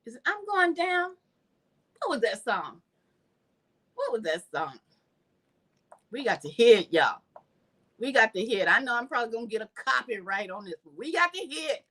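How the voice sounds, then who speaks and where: A woman with a slightly high voice hosts her channel, speaking at normal speed with long pauses. Her commentary is lively and chatty, and she laughs and talks straight to her viewers, calling them "y'all."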